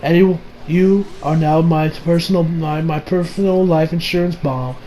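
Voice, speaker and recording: A man voicing a calm, menacing male killer who speaks slowly and quietly in a low tone. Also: a little hiss or hum, close to an everyday voice, poor audio. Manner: low, quiet, slow and threatening.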